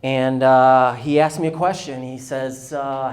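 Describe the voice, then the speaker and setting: A man's voice: mid-range voice, level tone, measured pace. A man giving a personal testimony at a business luncheon, telling his story candidly and acting out the dialogue. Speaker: guest speaker.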